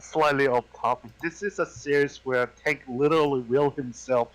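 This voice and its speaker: A man co-hosting a casual anime review chat, wry and measured as he explains his views at length. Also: medium pitch, a bit bright, low-quality recording. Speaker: podcast co-host.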